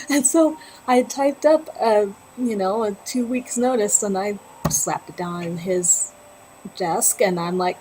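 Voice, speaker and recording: Speaking slowly with frequent pauses, a woman with a mid-range voice hosts a knitting livestream and shares a personal story. She's chatty and animated, laughing a lot, though the rough recording carries slight background noise.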